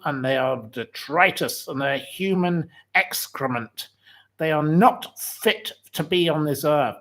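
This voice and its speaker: Slow-talking, indignant man in his forties. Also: on the high side, lively intonation, a bit bright. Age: 40s. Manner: indignant, repetitive, heaps up insults. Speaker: channel host. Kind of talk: ranting livestream commentary.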